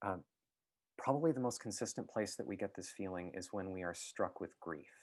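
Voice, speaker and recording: Thoughtful, halting man with a low voice. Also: darkish tone. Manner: thoughtful, halting, with many fillers and restarts. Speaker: guest speaker. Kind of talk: reflective talk.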